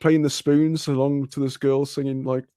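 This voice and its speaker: A man's voice: medium pitch, level tone, normal speed, mellow, dry recording, studio quality. A man telling a long casual story on a podcast, rambling, swearing and laughing often. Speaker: podcast host.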